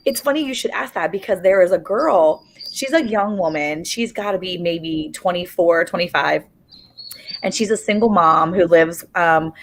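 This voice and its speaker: A woman joining a farm livestream by video call, telling a story in a lively, exclamatory way. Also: mid-range voice. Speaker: livestream guest. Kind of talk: casual chat.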